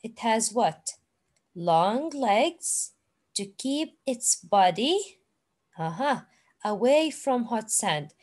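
Woman teacher, very slow patient delivery, repeats each word, voice a bit high. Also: very animated, a little mellow. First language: Arabic. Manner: slow, repeating words for learners. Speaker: English teacher. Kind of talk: online classroom lesson.

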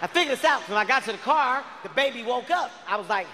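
A man with a high, bright voice doing stand-up, shouting his story loudly and with animated energy. He is recorded live on stage in a large hall with a long reverb tail, with a faint audience murmur behind him. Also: fast talker, few pauses, slight background noise. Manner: loud, shouting, animated delivery. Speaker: stand-up comedian.

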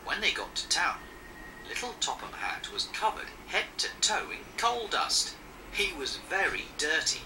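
A man narrating a children's storybook in an expressive, animated way. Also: high-pitched, measured pace, creaky, far from the mic, noisy background.

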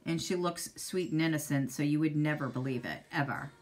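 Speaking briskly in a deep voice, a middle-aged woman runs a relaxed livestream makeup demo at home, greeting viewers by name as she chats. Faint music plays behind her.

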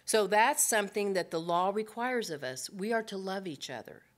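An earnest woman leads a women's Bible study at a middle pitch. She speaks straight to her listeners, asks them rhetorical questions, and draws out the words she wants to stress. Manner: slows down to stress key points.

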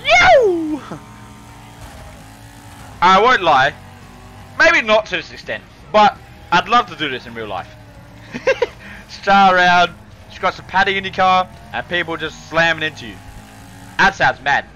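A young man, excitedly commentating his own car game, swearing and calling everyone mate. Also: sits high, moderate pace, pauses often, noisy background. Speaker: gaming video host. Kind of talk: casual gameplay commentary.

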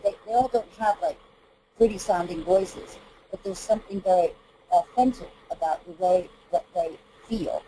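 A woman's voice: mid-range voice, dark tone, slight background noise, low-quality recording. A middle-aged woman from Texas, a vocal coach, explaining singing technique in earnest, hesitant speech with frequent fillers. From Texas, USA. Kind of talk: explanatory interview talk.

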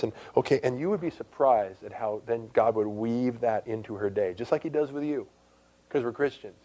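A middle-aged man preaching a sermon in a quick, conversational way, full of asides, rising at times to loud, emphatic exhortation. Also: mid-range voice. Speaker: pastor.

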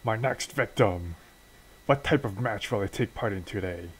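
A man's voice: lowish voice, moderate pace, breathy edge. A man voicing a gleeful, bloodthirsty male wrestler who cackles and talks eagerly.

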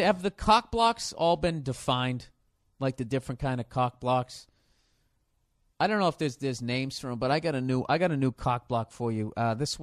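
A man hosting a podcast, telling a profane, rambling comedy story with loud, excited outbursts. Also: medium pitch, dry recording, clean studio sound. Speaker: podcast host. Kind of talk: casual comedic monologue.

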